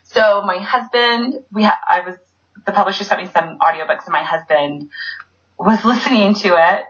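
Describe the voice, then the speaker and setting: A woman's voice: mid-range voice, moderate pace, a bit bright, highs cut off. A woman author chatting effusively and rambling as a guest in an online interview. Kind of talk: casual interview chat. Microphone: video call.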